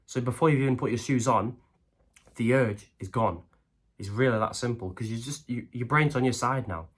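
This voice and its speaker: A young man talks straight to camera in a blunt motivational monologue. He swears casually and keeps punching his points home with "okay?" and "right?". His voice sits at an ordinary middle pitch for a man. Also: moderate pace, slightly rough. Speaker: self-help video host.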